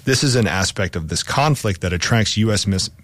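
Brief: male co-host, low voice, reads scripted history segments, dry close mic. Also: expressive, a little fast, fairly bright tone, dry recording. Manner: reads scripted lines with casual asides. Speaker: podcast co-host. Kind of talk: semi-scripted history podcast.

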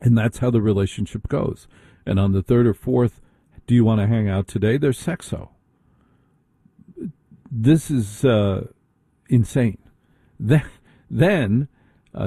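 A man's voice: medium pitch, warm tone, slightly rough, no room sound. A man hosting a call-in radio show, talking bluntly and conversationally on a close studio mic. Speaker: radio talk show host. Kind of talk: opinionated radio talk.

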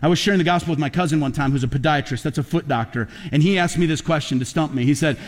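A man's voice: on the high side, fast. Male pastor preaching in a reverberant hall. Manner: conversational preaching, builds to loud emphatic peaks. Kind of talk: sermon. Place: large church auditorium.

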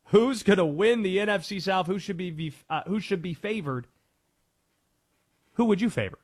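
A man's voice: sits high, lively intonation, normal speed, husky. A man hosting a sports talk radio show, speaking in emphatic, punchy short phrases.

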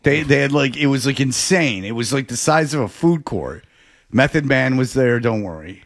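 A man chatting casually, spinning out a long story with plenty of false starts and sudden bursts of excitement. His voice sits at an ordinary pitch, and the recording is close and dry. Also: normal speed, no echo. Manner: rambling, animated storyteller with frequent restarts.

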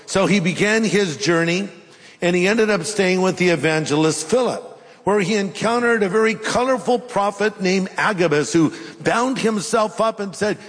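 A man's voice: high-pitched, normal speed. A middle-aged male pastor preaching a sermon, animatedly acting out biblical dialogue in voices. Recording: long reverb of a large hall.

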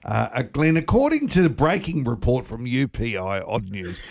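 A man's voice: medium pitch, big pitch swings, moderate pace, gravelly. A man co-hosting a breakfast radio show, joking and playfully tripping over his words. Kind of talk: comedic radio banter.

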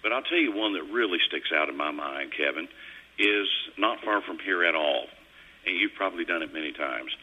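A man's voice: low voice, animated, fairly quick, slightly rough, phone-quality sound. A middle-aged man, hosting a radio show in a folksy, rambling storytelling way. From Kentucky. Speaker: radio host. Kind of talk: casual on-air chat. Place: radio studio.

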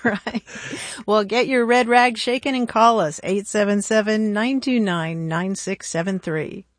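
A woman co-hosting a radio call-in show in a studio, her voice close and dry with no room sound. She talks in a chatty, easygoing way and reads quotations with evident relish, at an even middle pitch. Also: unhurried, no echo. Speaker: co-host of a radio call-in show about words. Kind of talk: casual radio chat. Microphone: studio microphone.

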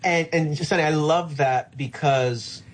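A man's voice: fairly high pitch, unhurried, slight background noise. A man who is a pastor, speaking reflectively and earnestly in an interview, with frequent fillers. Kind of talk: conversational interview answer.

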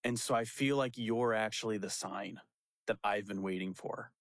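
A man's voice: fairly low pitch, moderate pace, no room sound. Young guy pastor telling a story, acts out voices, laughs a lot, dry close sound. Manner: animated, laughing storyteller who acts out quotes. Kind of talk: casual storytelling chat.

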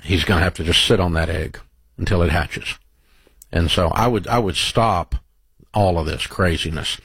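A man hosting a call-in advice show, blunt and emphatic, dropping low and slow when he lays down firm advice. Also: fairly bright tone, husky, no room sound. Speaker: radio call-in show host. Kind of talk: advice talk show and read ad.

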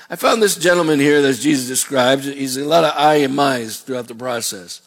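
A man's voice: medium pitch, a little fast, few pauses. A middle-aged man preaching a sermon as a pastor, in a conversational way with rambling asides.

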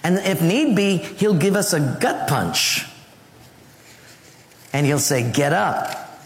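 Male pastor, lively story-driven sermon, slightly high voice, echoey hall, faint ambience. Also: slow pace. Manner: animated storyteller who swings his pitch and laughs through his story.

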